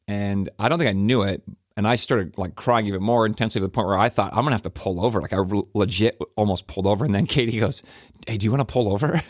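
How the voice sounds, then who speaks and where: A man's voice: fairly low pitch, dry recording, studio quality. A middle-aged man, a pastor, reflecting on grief in a rambling, conversational way with many fillers and restarts. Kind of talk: reflective personal talk.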